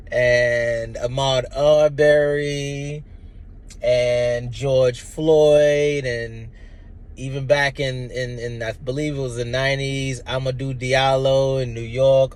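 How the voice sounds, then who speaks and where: A man's voice: mid-range voice, darkish tone. A man in his thirties giving an impassioned, blunt personal monologue, emphatic and profane. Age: 30s. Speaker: vlogger.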